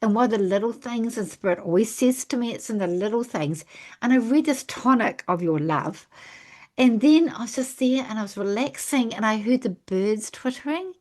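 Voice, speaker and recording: A woman's voice: fairly high pitch, lively intonation, normal speed, a little mellow. A woman hosting a podcast interview, speaking in a gushing, rambling way about spirit and good energy. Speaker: podcast host. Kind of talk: casual interview chat.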